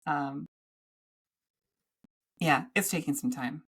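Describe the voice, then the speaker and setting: A woman co-hosting a podcast in casual chat, talking in a rambling, halting way with many restarts. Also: low voice, a bit bright, breathy edge. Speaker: podcast co-host.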